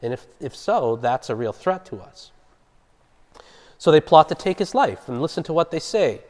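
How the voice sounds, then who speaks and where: A man's voice: a little high, big pitch swings, moderate pace. A man leading a Bible study in a conversational teaching style, explaining a passage and putting questions to his group. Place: church hall. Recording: long reverb of a large hall.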